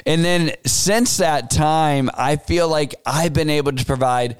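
A man in his forties talks through his solo podcast with folksy, animated storytelling. His voice sits a bit high and comes across smooth and crisp. The recording is dry and close, with no room sound. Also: unhurried, few pauses, no room sound. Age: 40s. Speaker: podcast host.

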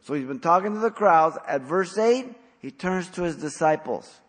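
A man preaching an expository sermon as pastor, blunt and emphatic, with sudden loud stresses. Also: fairly high pitch, expressive, normal speed, in a large hall.

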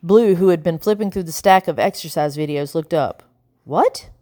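A woman narrating a children's novel in an even, measured reading voice. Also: on the low side, dry recording, studio quality. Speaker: audiobook narrator. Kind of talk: storybook narration.

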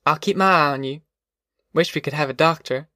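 Man doing a commanding farm mother, raised pitch, dry close sound. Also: bright, forceful tone, no room sound. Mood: brisk, commanding. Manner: brisk, commanding. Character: weary, determined migrant farm mother.

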